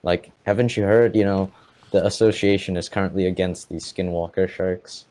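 A friendly male goblin drawls along in a low, mellow voice, halting and rambling, as a man puts him on for a tabletop game. He sounds easygoing and casual, never sharp. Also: fairly even intonation, close to an everyday voice. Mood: explaining. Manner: laid-back, rambling, halting.

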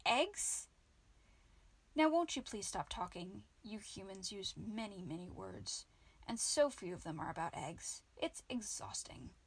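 A woman's voice: mid-range voice, sing-song, normal speed, husky. A woman voicing a solemn, fussy male rabbit warrior who is the last of his kind, in a storybook reading. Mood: indignant. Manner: fussy, solemn, egg-obsessed.

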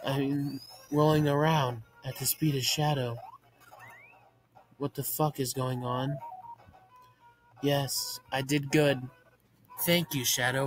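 A man giving profane, deadpan muttered commentary while playing a video game, framed as a mock ASMR video. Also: mid-range voice, slow pace, long pauses, soft background music. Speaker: gaming channel host.

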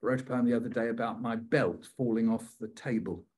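Older British man, husky, runs a poetry lesson with playful, rhythmic repetition. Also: mid-range voice, fairly even intonation, a little fast, a little mellow. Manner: playful, repeats phrases rhythmically, acts out quoted voices. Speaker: poet leading a writing workshop.

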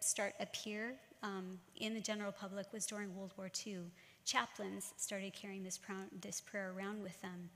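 A middle-aged woman giving a church talk, telling stories in a measured, earnest way. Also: medium pitch, a bit bright, a little hiss or hum. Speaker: church speaker. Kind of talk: sermon-style talk. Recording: long church-hall reverb.

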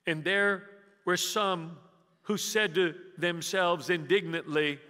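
A man preaching a sermon as pastor, telling the story dramatically, dropping from loud emphasis to hushed near-whispers and drawing the congregation into call-and-response. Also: high voice, steady tone, slow pace. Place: church sanctuary. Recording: long reverb of a church hall.

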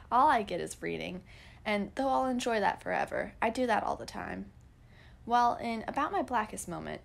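A teenage girl narrating old diary entries and poems in an earnest, expressive way. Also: lowish voice, creaky. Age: teens.

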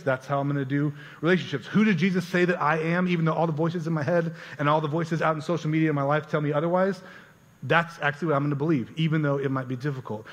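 A man preaching a sermon as pastor, earnest and conversational, often repeating words as he goes. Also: on the high side. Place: church sanctuary. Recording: church hall reverb.

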